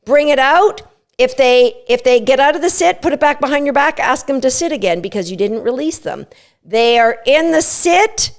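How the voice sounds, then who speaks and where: A woman giving an energetic podcast lesson on dog training, repeating each step plainly. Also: on the high side. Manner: energetic, instructive, repeats steps.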